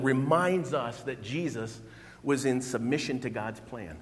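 A man's voice: mid-range voice, normal speed, big-room sound. A man preaching a sermon as pastor, speaking expressively and with emphasis. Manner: expressive, emphatic, acts out quoted voices.

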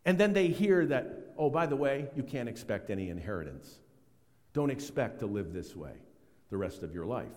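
A middle-aged man preaching a sermon, telling stories and acting out quotes in a lively way. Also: medium pitch, normal speed. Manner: animated storytelling, acts out quotes. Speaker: pastor. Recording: long hall reverb.

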